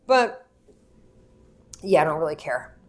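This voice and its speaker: A woman's voice: low-pitched, sing-song, slow. A woman co-hosting a podcast in casual chat, teasing her partner with blunt interjections. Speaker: podcast co-host.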